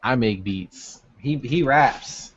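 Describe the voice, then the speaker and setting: A man's voice: mid-range voice, expressive, takes it slowly, husky. A man in a casual video hangout, laid-back and swearing casually. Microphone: video call. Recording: lo-fi video call audio.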